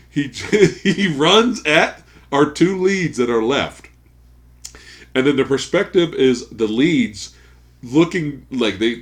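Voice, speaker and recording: Animated, swearing man on a podcast. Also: medium pitch. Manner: profane, animated storyteller, laughs often. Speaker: podcast co-host. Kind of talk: casual chat.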